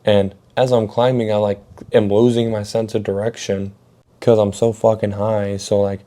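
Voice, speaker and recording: A man's voice: on the low side, level tone, moderate pace, warm tone. Rambling, cursing young man telling a story. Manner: rambling, swears a lot, heavy filler words. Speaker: storytelling vlogger. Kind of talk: casual storytelling.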